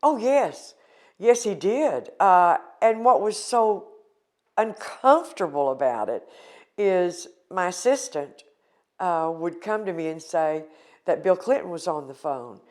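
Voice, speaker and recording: Older woman, interviewee, low-ish voice, earnest, emotional storytelling. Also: sing-song, slow pace, darkish tone. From United States. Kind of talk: recounting personal experience in an interview.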